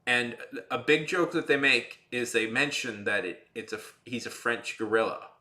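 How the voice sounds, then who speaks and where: A man chatting to his stream viewers as he draws, wandering from thought to thought with plenty of "like" and "um". His voice sits at an ordinary pitch but sounds very bright, and his jokes come out dry and sarcastic. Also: normal speed. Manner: rambling, filler-heavy, dryly sarcastic. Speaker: artist livestreaming while drawing. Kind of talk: casual livestream chat to viewers.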